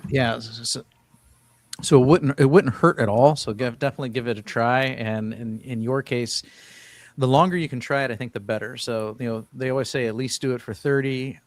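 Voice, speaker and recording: A man's voice: medium pitch, brisk, no room sound. A man hosting a casual live-stream panel, talking loosely with frequent restarts. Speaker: host of a diet livestream panel.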